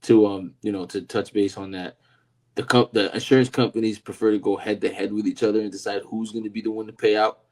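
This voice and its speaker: A man's voice: lowish voice, level tone, fast talker, a little mellow. A man co-hosting a casual podcast chat, laid-back and rambling, always tossing in "you know what I mean" and laughing often. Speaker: podcast co-host.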